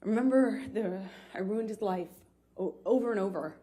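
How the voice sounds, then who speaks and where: A woman in her thirties testifying in a courtroom, speaking haltingly with frequent pauses and broken-off restarts. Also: mid-range voice, dark tone, breathy edge. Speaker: trial witness.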